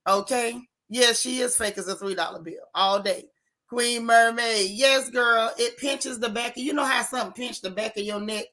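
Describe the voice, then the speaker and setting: A woman's voice: fairly high pitch, moderate pace, fairly bright tone. A woman hosting a casual live stream, chatting sassily with viewers about a reality show. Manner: sassy, chatty, greets viewers. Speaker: host.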